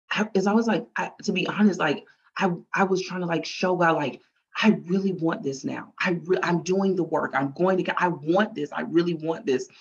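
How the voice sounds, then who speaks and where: A woman with a husky, breathy voice tells her faith story openly and from the heart. She slips into lively voices when she quotes her past self. The recording sounds slightly muffled and lo-fi. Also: sits low. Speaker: guest. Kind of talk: personal faith testimony.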